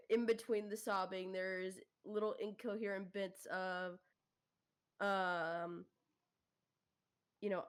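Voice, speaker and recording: A woman's voice: medium pitch, level tone, slow, pauses often, clean tone. Casual woman player describing her character. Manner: casual, hesitant with fillers. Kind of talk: tabletop role-play, describing her character.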